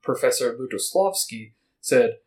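The host of this casual podcast, a man with a mid-range, somewhat mellow voice, reads excerpts in an animated way and breaks off to chat and joke. He rambles, does quick voices for quotations, and the recording is low quality.

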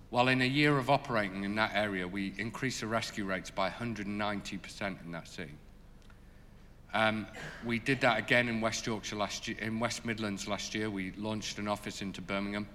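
A man telling stories in an interview as a charity leader, animated and full of fillers. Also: on the low side, big-room sound, a little hiss or hum. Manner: animated, lots of fillers, laughs as he tells it. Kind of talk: storytelling in an interview.

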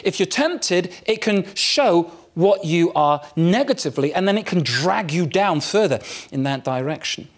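A man preaching a sermon, telling a personal story in a candid, self-mocking way with dramatic pauses. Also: high voice, lively intonation. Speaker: pastor.

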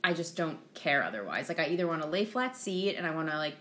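A woman's voice: low voice, big pitch swings, quick pace, fairly bright tone. A woman co-hosting a casual travel podcast, candid and self-deprecating as she talks. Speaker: podcast co-host.

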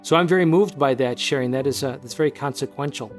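A man's voice: mid-range voice, fast, faint music behind. A man hosting a podcast, talking earnestly and encouragingly in long winding sentences. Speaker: podcast host. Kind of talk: casual faith discussion.

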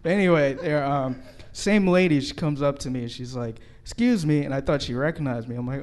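A man works through a stand-up set in an easygoing, conversational way, often laughing along with his own jokes. His voice sits at an ordinary middle pitch. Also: fairly quick, a little mellow. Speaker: stand-up comedian.

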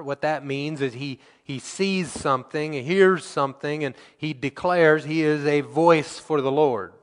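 The preacher, a man of medium pitch, reads scripture and acts out quotations, swinging from emphatic to hushed delivery. A long reverb tail trails his words.

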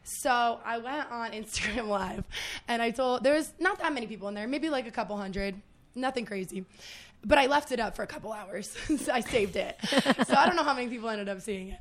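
High-voiced woman telling a story. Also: fairly quick. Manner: swears freely, storytelling with laughs. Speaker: podcast guest. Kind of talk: casual chat.

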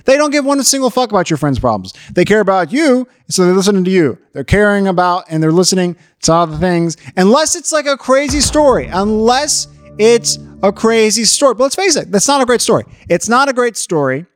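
A man's voice: high-pitched, expressive, fast, few pauses, soft background music. A man giving a profane, exasperated comedic rant, lecturing his audience on how to behave.

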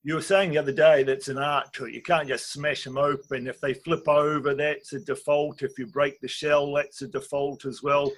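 A man's voice: a little high, little pitch movement, normal speed, few pauses. Man hosting an interview. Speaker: interview host. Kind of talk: casual interview talk.

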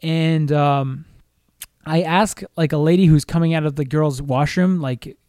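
A young man on a podcast telling a long, animated story in casual chat, swearing freely and restarting his sentences often. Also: a little high, a little slow, no echo, clean studio sound. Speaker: podcast co-host.

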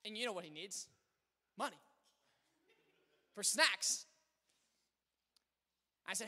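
A man preaching in a church sanctuary, his voice pitched very high and strikingly bright. He tells stories with lively swings from shouted exclamations to hushed asides, and a long reverb hangs behind every phrase. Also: slow pace, long pauses. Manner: storytelling, animated, swings between shouting and quiet asides. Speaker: pastor. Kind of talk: sermon.

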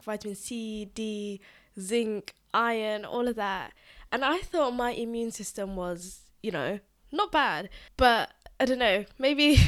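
Female podcast host, congested and nasal, relaxed and talkative. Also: fairly high pitch. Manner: chatty, uses filler "like" often. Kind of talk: casual solo podcast chat.

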